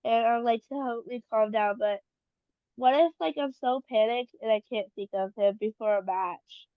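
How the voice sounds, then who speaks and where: A woman's voice: fairly high pitch, moderate pace, no echo. A young woman athlete asking a hesitant question, with many filler words. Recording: dull dry sound.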